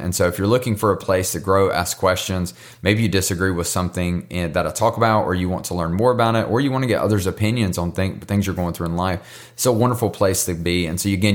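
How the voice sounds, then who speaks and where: A man hosting a devotional podcast, talking casually and earnestly, encouraging listeners and often repeating words as he goes. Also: low-pitched. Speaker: podcast host.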